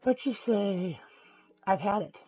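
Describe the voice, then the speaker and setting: A man streaming live, delivering an angry rant in a deliberately calm, measured voice with halting pauses. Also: high-pitched, slightly rough. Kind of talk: ranting monologue on a live stream. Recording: tinny, phone-like lo-fi sound.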